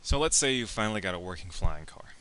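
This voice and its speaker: A young man teaches a relaxed class lesson, slipping into little acted-out voices and playful asides. His voice is bright and forceful, set a touch on the low side, and he keeps it conversational. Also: fast talker, slight background noise. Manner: playful, joking asides, acts out imagined speakers. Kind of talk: casual classroom lecture.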